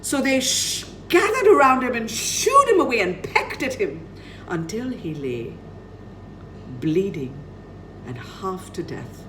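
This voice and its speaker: A woman's voice: medium pitch, very animated, slow, noisy background. A woman telling a children's story dramatically, dropping to near-whispers for effect.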